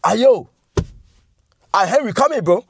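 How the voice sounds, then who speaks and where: Young man putting on high, loud older street lads, barking a kid over; husky edge. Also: lively intonation, measured pace, no room sound, clean studio sound, full character voice. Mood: bossy. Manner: loud, bossy calling out.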